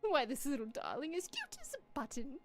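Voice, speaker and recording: A woman's voice: high-pitched, wildly swooping pitch, moderate pace, faint music behind, heavily acted. A woman voicing a sweet, motherly village woman who gushes over a gift. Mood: gushing. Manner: gushing, doting.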